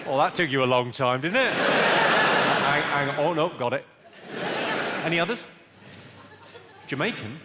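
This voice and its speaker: A man with a southern English accent doing stand-up in a large theatre, trading dry, deadpan one-liners and teasing the crowd. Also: a little high, moderate pace, long pauses, very noisy. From England. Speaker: stand-up comedian. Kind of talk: stand-up comedy with crowd work.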